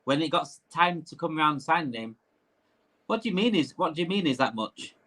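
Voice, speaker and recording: A man hosting a casual live-stream chat, ranting in an animated way. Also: a little high, brisk.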